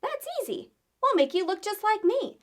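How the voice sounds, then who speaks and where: A woman's voice: very high-pitched, big pitch swings, normal speed, pitched above the performer's own voice. Woman doing a chirpy little costumed girl.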